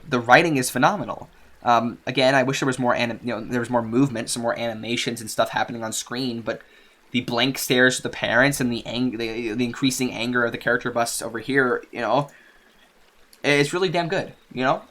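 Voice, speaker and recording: A man's voice: medium pitch, a bit bright. A man giving casual, profane commentary on a game, rambling with frequent restarts. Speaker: game streamer.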